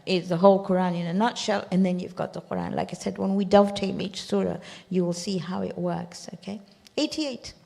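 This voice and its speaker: An older woman teaching a scripture class in a chatty, digressive way, quickly reciting verses between explanations. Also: medium pitch, creaky, warm tone. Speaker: Quran teacher.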